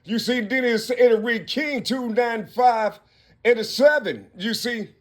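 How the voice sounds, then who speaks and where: A man recording himself in a rambling monologue, working through numbers and letters aloud with halting restarts and asking "you see?" again and again. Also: very high-pitched. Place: Cincinnati, Ohio.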